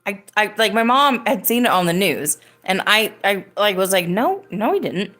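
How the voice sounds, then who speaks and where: A woman's voice: medium pitch, normal speed, sharp tone. Rambling woman telling a story. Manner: rambling, many fillers and restarts. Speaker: podcast host. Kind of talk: casual storytelling.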